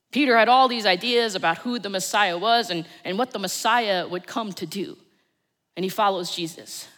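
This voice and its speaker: A woman with a New Jersey accent preaching a Sunday sermon, telling the story with dramatic swings from loud to hushed. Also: medium pitch. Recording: long church reverb.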